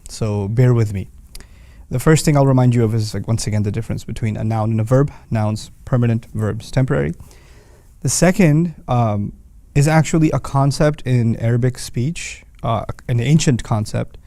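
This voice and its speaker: A man's voice: mid-range voice, mellow, dry recording. A man with a mid-range voice teaches patiently, in a conversational way with casual slang asides. The recording is dry and close, with no room sound. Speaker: Quran teacher. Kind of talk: scripted video lesson.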